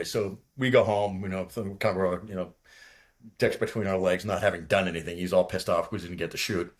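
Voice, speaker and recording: A man in his sixties from near Boston recounts a combat mission in loose, profane podcast talk. His voice sits very low and has a husky grain, and he rambles on from one detail to the next. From from near Boston, USA. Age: 60s. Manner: rambling, profane, talks fast when nervous. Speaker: guest, retired fighter pilot. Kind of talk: casual war story telling.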